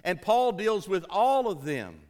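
Preaching man with a high, animated voice. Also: measured pace. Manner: emphatic, rising to urgent peaks and dropping low; calls out to the congregation for responses. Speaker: pastor. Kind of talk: sermon.

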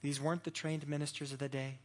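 A man's voice: fairly high pitch, level tone, fast talker. A man preaching a sermon as pastor, earnest and repeating words as he builds his points.

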